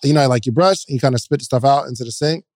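A young man on a podcast telling a relaxed, slangy story in casual chat. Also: medium pitch, racing, no room sound.

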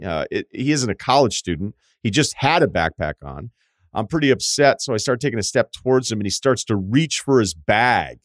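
A man's voice: medium pitch, no room sound, studio quality. A man hosting a podcast advice segment, reading listener letters aloud and answering in a candid, joking way with rambling asides. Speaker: podcast host.

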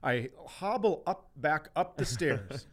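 Animated, profane storytelling man. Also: fairly high pitch, takes it slowly. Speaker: podcast co-host. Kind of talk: casual storytelling chat.

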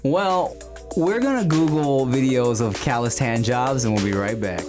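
A man's voice: mid-range voice, animated, normal speed, music in the background. A man co-hosting a comedy podcast, chatting crudely and casually with lots of fillers and laughs. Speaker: podcast co-host.

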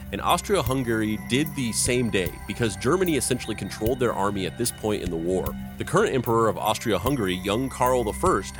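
A man hosting a history podcast, narrating events and slipping into deadpan absurd jokes. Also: on the low side.

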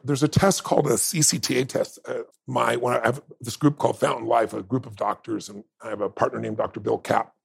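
A man's voice: on the high side, creaky, a little mellow, husky. A man talking as a guest in a conversation, telling stories in an intense, heartfelt, emphatic way. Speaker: podcast guest. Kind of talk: emotional storytelling in conversation.

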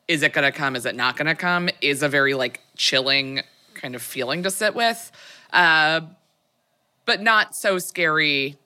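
Woman, podcast co-host, casual chat, halting fillers, bright low voice. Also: clear, resonant tone. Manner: chatty with many likes and restarts.

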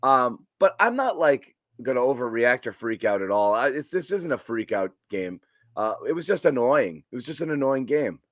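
A man's voice: medium pitch, sing-song, normal speed, a bit bright, no room sound, clean studio sound. A man co-hosting a postgame sports show, rambling with many restarts while breaking down the game. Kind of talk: sports postgame analysis chat.

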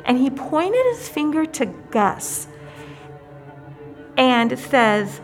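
Female interviewee, high voice, casual storytelling, exclaiming. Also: expressive, very slow, long pauses, faint music behind. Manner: exclaiming, acts out quotes.

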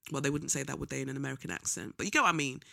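A man's voice: medium pitch, very fast, gravelly, sharp tone, no echo, studio quality. A young man gives a casual political commentary monologue, blunt and scornful, full of slang and frequent ums. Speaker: vlogger.

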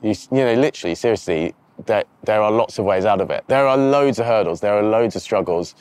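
A man's voice: fairly low pitch, fast talker, a little mellow, a little hiss or hum. A man, a TV presenter being interviewed outdoors by a river, talking candidly and reflectively with frequent restarts.

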